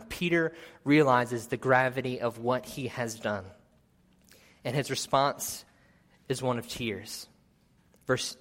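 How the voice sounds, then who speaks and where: A man preaching a sermon, earnest and exhorting, reading scripture aloud. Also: mid-range voice. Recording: long hall reverb.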